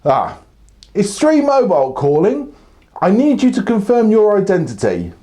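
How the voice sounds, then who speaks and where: A man's voice: fairly high pitch, wildly swooping pitch, moderate pace, a little mellow, pitched above the performer's own voice. A man voicing a polite but persistent male call-centre caller who speaks in a formal, clipped way.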